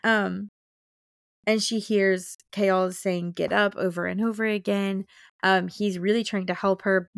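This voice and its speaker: A woman's voice: mid-range voice, steady tone, a little slow, creaky, no echo, clean studio sound. A young woman co-hosting a book podcast, casually recapping chapters, reading passages aloud and acting out characters. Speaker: podcast co-host. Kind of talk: casual book-club chat.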